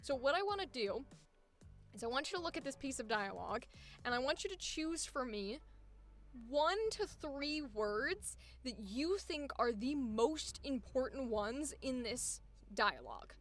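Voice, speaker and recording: A woman coaching voice actors, talking in an energetic, emphatic way with easy laughs and casual swearing. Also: high-pitched, a little slow, soft background music. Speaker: voice acting coach. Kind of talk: coaching session.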